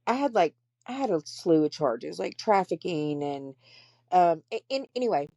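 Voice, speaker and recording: A woman's voice: fairly low pitch, big pitch swings, normal speed, gravelly, dark tone, no room sound. A woman hosting a podcast, telling her story candidly and bluntly, with plenty of profanity. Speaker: podcast host. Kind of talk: casual storytelling chat.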